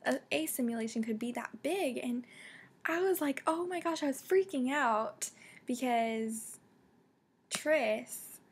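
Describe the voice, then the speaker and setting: A young woman chats excitedly through a casual book review. Her voice sits a little high and has a husky edge. She stumbles over her words and keeps saying "like" and "um". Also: slow. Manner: excitable, many fillers and restarts. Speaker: book vlogger.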